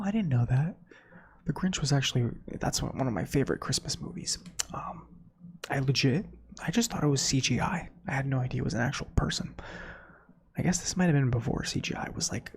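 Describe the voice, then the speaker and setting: A man hosting a soft-spoken ASMR reading of facts, softly whispering with chatty asides. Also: medium pitch, creaky. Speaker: ASMR host.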